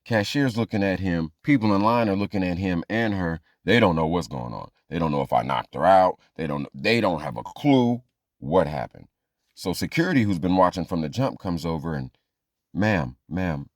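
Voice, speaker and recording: A man's voice: deep voice, no room sound, clean studio sound. A man telling a funny true story as a monologue, acting out the people in it. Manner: animated, acts out quoted voices.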